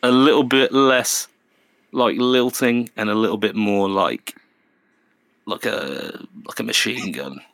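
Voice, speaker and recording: A man with a Birmingham English accent hosting a casual podcast chat, halting and restarting as he talks. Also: fairly low pitch, gravelly, fairly bright tone, no room sound. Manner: hesitant, full of restarts.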